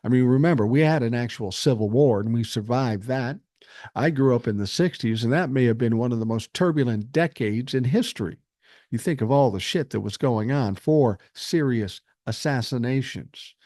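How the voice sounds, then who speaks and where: A man's voice: mid-range voice, a little mellow, no room sound, clean studio sound. A man, hosting a casual livestream, reading chat comments and answering bluntly with plenty of swearing. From Minnesota, USA. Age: 60s. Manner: blunt, frequent swearing, reasonable tone. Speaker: podcast host reading live chat.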